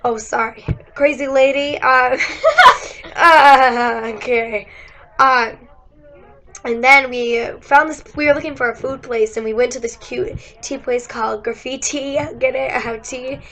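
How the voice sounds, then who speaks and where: A young college woman with a high voice tells a rambling story of her day, full of likes, giggles and acted-out quotes. Her voice is fading, as she is losing it. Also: steady tone, unhurried, bright, forceful tone. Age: young adult. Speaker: college student vlogger. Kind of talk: casual storytelling chat. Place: indoors.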